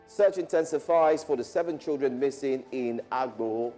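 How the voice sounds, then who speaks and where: A man's voice: medium pitch, moderate pace, mellow, soft background music. A man hosting a morning TV news show, reading headlines with casual asides to viewers. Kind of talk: TV news presenting.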